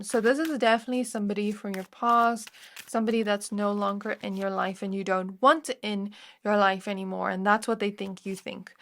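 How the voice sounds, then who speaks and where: A woman's voice: mid-range voice, a bit bright. Chatty woman giving a tarot reading. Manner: chatty, filler-heavy, speaks straight to the viewer. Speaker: tarot reader. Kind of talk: casual pick-a-card tarot reading.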